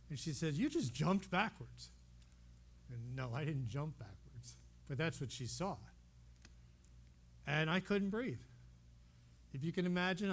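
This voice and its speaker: A man telling a healing testimony to a congregation in a meeting room, talking straight to his listeners as an animated storyteller. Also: fairly high pitch. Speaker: speaker sharing a healing testimony. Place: meeting room holding about a hundred people.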